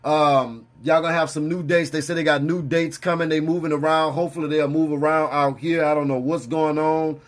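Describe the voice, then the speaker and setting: A man's voice: a little high, steady tone, brisk, hardly any pauses. A man hosting a casual interview, easygoing, often restarting his words and tagging "man" onto them. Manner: stammering restarts, easygoing, says "man" a lot. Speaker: podcast host.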